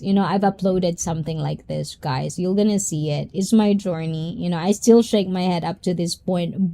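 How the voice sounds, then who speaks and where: A woman's voice: on the low side, darkish tone, a little hiss or hum. Bubbly, giggly woman. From Japan and the Philippines. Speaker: livestream host. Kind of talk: casual livestream chat.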